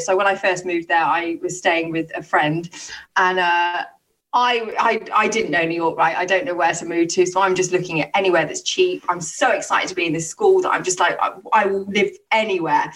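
A young woman telling stories on a podcast in a casual, animated way, swearing and acting out what people said. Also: lowish voice, distant mic. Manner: animated, swearing, acts out quotes. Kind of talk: casual storytelling chat.

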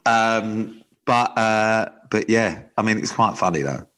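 A man's voice: on the low side, slow, a bit bright. A man co-hosting a podcast, chatting casually and teasingly with frequent ums and restarts. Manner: hesitant, teasing, many fillers. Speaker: podcast co-host. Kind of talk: casual chat.

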